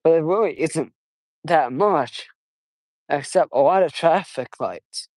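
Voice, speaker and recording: Soft-spoken eighteen-year-old man rambling slowly. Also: fairly high pitch, no room sound, poor audio. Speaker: vlogger. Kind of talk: casual walking vlog. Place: outdoors on a suburban walk. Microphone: wireless earbuds.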